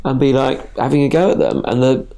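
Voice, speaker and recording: Lively-pitched chatty man. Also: creaky. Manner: chatty, laughs often, quick asides. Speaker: podcast co-host. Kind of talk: casual chat.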